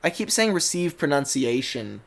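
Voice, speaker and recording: This man's gravelly, fairly high voice swings widely in pitch at a normal pace as he reviews a cartoon dub for YouTube. With a General American accent, he rambles casually, stumbling through fillers and restarts.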